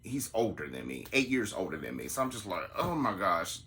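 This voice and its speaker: Animated storytelling man, bright voice. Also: fairly quick, gravelly, a little hiss or hum. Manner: animated, acts out the quotes in a higher voice. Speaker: podcast host telling a story. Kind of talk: casual storytelling to listeners.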